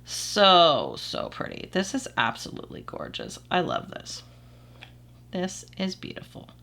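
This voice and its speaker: A woman's voice: on the low side, fairly bright tone. A woman narrating a casual nail polish review, gushing and repeating her praise over and over.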